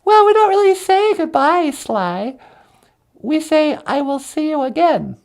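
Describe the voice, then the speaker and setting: A voice doing a giggly, high-pitched young woman. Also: expressive, unhurried. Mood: eager. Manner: bright, giggly, eager. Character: cheerful young woman teaching Ojibwe words.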